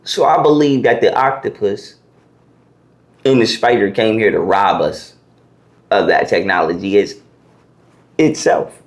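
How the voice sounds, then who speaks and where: Profane, animated man talking freely. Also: fairly low pitch, measured pace, long pauses. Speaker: interview guest. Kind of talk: casual conversational interview.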